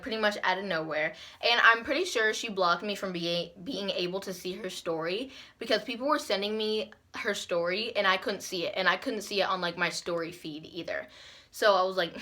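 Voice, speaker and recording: Casting: an animated teen girl with a bright voice who swears freely in a casual storytime vlog. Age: teens. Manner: animated and profane, acting out quotes with big jumps in pitch and loudness. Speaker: vlogger.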